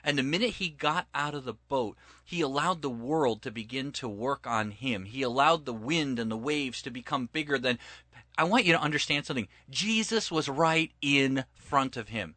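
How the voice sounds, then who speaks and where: A man's voice: medium pitch, a little fast, sharp tone, no room sound. A man teaching from the Bible in conversation, emphatic and preacher-like, retelling scripture stories and acting out the quotes.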